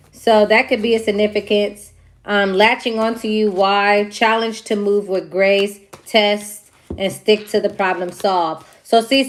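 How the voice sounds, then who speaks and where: A young adult woman giving a casual tarot reading, stressing her points by repeating them. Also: medium pitch. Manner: emphatic, repeats key phrases. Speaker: tarot reader.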